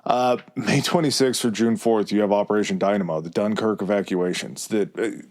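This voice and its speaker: A man's voice: on the low side, steady tone, fairly quick, darkish tone. A man co-hosting a history podcast, reading off dates and numbers in casual chat with crude jokes and frequent laughter. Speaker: podcast co-host.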